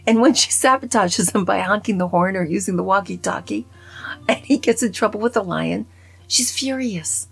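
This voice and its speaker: A woman giving a casual spoken movie review in an animated, opinionated, rambling way full of asides. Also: medium pitch, normal speed, vocal fry, husky, soft background music. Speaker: film reviewer.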